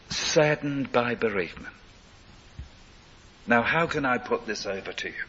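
A slow, deliberate older man delivers an earnest sermon in a slightly husky voice. He tells stories from the pulpit, rising to loud emphasis and then sinking quiet. The recording sounds dull and lo-fi. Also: mid-range voice. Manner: earnest, storytelling, emphatic swells and drops. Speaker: preacher.

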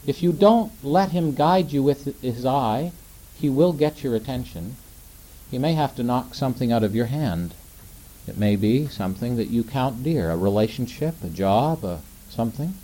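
Mellow-voiced man preaching a gentle sermon. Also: medium pitch, expressive, moderate pace, poor audio. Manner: gentle, conversational, asks rhetorical questions.

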